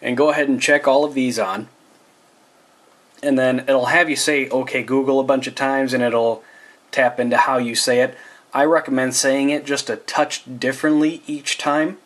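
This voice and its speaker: A man talks viewers through setting up a phone in a loose, chatty way. His voice sits at an ordinary, mid-range pitch. He drifts into asides and restarts as he goes. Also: fairly bright tone. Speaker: tech reviewer. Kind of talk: casual phone tutorial.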